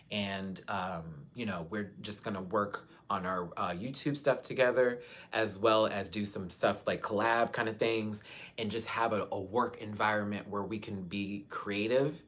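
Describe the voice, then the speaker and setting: A young man from Texas, hosting a live chat and talking frankly to his viewers, his voice swinging between soft and loud. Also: lowish voice. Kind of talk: candid live-stream talk to viewers.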